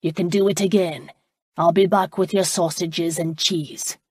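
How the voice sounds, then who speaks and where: Woman plays a careful, plain-spoken innkeeper; slow, low and husky. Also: fairly even intonation, a little mellow, no room sound, studio quality. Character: wary, plain-spoken Scottish innkeeper man. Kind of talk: audiobook character voice.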